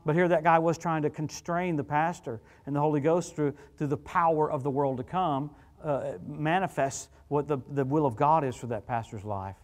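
Guy preaching at church, telling stories, kinda high voice, chatty and lively. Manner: animated, chatty, laughing, quick asides to the congregation. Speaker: guest preacher. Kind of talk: storytelling sermon. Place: church service. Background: congregation.

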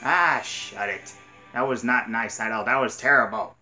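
A man commentating his arcade hunting game, excitable, cursing and yelling at the game. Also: medium pitch, moderate pace, faint music behind. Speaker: gaming channel host. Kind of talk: let's play commentary.

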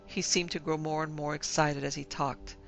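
Gravelly man narrating a horror story. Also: a little high, little pitch movement, normal speed, fairly bright tone, soft background music, low-quality recording.

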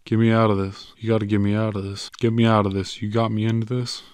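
A desperate man pleads in a low voice to take back a wish he regrets, voiced by a man reading an audiobook. The voice is urgent and begging, low in pitch, and sits in a dry, close sound. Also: monotone, measured pace, darkish tone, clean tone, dry recording, close to an everyday voice. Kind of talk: audiobook character voice.

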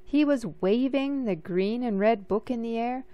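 Slow, expressive woman reading aloud. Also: a little high, no room sound, lo-fi sound. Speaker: storybook reader. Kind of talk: reading a picture book aloud.

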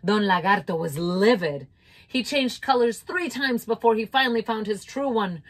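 A woman reading a children's picture book aloud, expressive and playful, with asides to listeners. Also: mid-range voice, normal speed. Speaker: storyteller.

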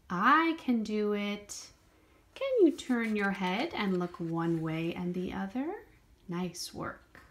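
A woman leading a children's movement lesson, reading a picture book aloud in a sing-song voice and cheering the dancers on. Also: mid-range voice. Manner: lively sing-song storybook reading, encouraging prompts. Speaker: dance teacher.

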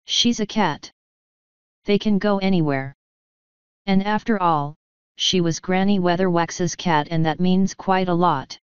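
A woman's voice: lowish voice, measured pace, clear, resonant tone, dry recording, natural voice. A woman voicing a firm, level-headed young witch girl who talks in a matter-of-fact way, in a dull lo-fi audiobook recording.

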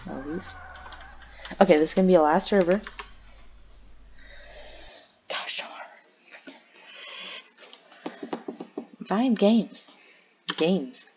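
A gameplay commentator rambles and mutters to themself while browsing game servers, speaking at a medium pitch and moderate pace with frequent pauses and a slightly mellow tone. It's captured on a home headset or desk mic, dull and lo-fi with faint hiss.

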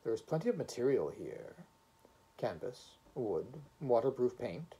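A man reading aloud, voicing a tall male house inspector who speaks in a measured, officious way. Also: mid-range voice, very animated, creaky, dark tone, breathy edge, full character voice. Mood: stern.

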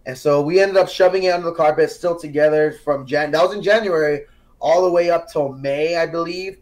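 A young man on a podcast giving an earnest personal testimony, telling it as a story with quoted dialogue and growing animated at the high points. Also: brisk. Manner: earnest, grows animated and excited when telling the climax. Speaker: podcast guest. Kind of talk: casual testimony.

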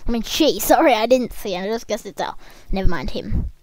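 A woman giving casual, chatty game commentary close to a desk microphone, talking straight to the viewers and bursting into excited yells. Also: medium pitch, brisk, dry recording. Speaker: gameplay commentator.

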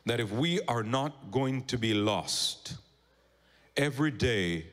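A male pastor preaching a sermon, telling a story and calling on the congregation for amens, rising loud then dropping low. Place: church sanctuary. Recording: church hall reverb.

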